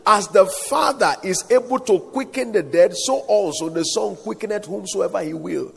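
A man's voice: high voice, normal speed, vocal fry, a bit bright, husky. A man preaching a sermon, reciting scripture and calling the congregation to answer back. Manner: dramatic, call-and-response preaching with scripture recitation. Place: large hall or outdoor gathering. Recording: echoey hall reverb.

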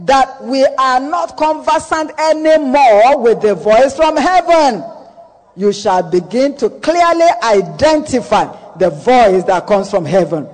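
Male pastor, slow and emphatic sermon delivery with repeated phrases and declared blessings, live in an echoing church hall. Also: extremely high pitch, animated, slight background noise.

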